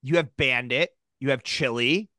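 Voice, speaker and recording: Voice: mid-range voice, normal speed, pushed and bright, no room sound, studio quality. A podcast co-host in casual chat, rambling and cutting themselves off, often laughing mid-sentence. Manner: rambling, self-interrupting, laughs while talking.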